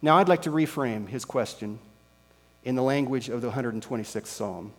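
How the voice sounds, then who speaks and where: A male pastor preaching a sermon with slow, emphatic rhetorical questions. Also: medium pitch. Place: church sanctuary. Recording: long reverb with mains hum.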